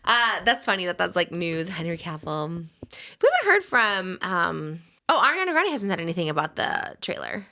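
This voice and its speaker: Podcast host, woman, thirties, lively pitch, bright tone, playful chatter. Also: normal speed. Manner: animated, laughing often, playful. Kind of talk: casual chat.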